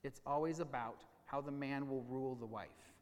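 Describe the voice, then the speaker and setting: A man preaching a sermon as a pastor, teaching with questions and slowing down to stress key points. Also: mid-range voice, darkish tone, big-room sound. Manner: teaching, with questions and slowed emphasis.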